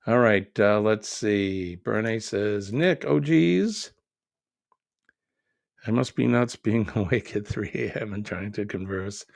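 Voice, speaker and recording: Middle-aged male host, low and gravelly, chatty and joking, reads viewer comments, dry close sound. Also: expressive, slow pace, dry recording. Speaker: live stream host reading viewer comments. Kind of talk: casual live chat.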